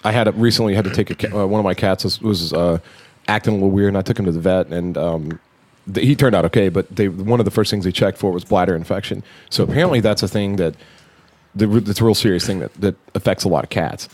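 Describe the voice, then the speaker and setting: A man's voice: deep voice, fast talker, darkish tone, no echo. A man hosting a casual podcast, rambling and restarting his sentences, cursing now and then. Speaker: podcast host.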